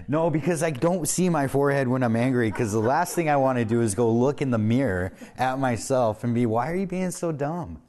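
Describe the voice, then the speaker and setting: A man serving as a pastor, talking with a group in a relaxed way and telling stories from his own life. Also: medium pitch. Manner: conversational, with restarts and fillers and a quick laugh. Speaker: pastor leading a group discussion. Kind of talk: casual group talk and storytelling.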